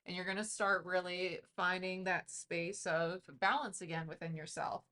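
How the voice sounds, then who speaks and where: A woman's voice: on the low side, fairly even intonation, normal speed, sharp tone. A woman giving a casual tarot reading, chatty and intuitive, thinking aloud with lots of fillers. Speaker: tarot reader.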